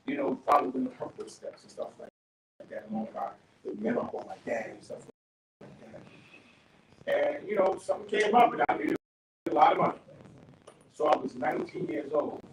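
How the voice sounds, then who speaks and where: A man's voice: high-pitched, vocal fry. A man in his fifties on a barbershop panel, rambling through family stories with many restarts and laughs. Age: 50s. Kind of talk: casual panel talk. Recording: echoey room, distant mic, noisy.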